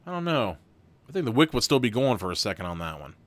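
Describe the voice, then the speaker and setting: Lively rambling man hosting a gamebook stream. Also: mid-range voice, fast talker. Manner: casual, rambling, laughs often. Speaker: game host reading a gamebook aloud. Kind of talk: livestream gamebook narration with chat votes.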